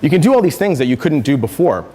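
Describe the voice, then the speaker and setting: A man's voice: a little high, very animated, fast talker, mellow, long reverb tail. A man giving a conference talk, conversational and self-correcting with frequent fillers. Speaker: conference speaker. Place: lecture hall.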